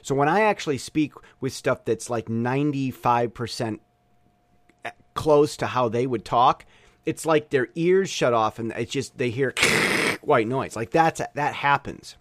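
A man's voice: mid-range voice, dry recording. A man, talking in a rambling, opinionated monologue full of restarts. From United States. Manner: rambling, self-correcting, opinionated. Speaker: language learner abroad. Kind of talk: casual monologue.

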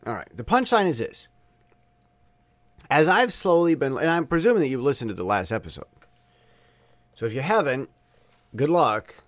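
A podcast host with a Michigan accent delivers a casual, opinionated, rambling monologue with many restarts. His medium-pitched voice swings widely in pitch at a moderate pace, pausing often, with no echo.

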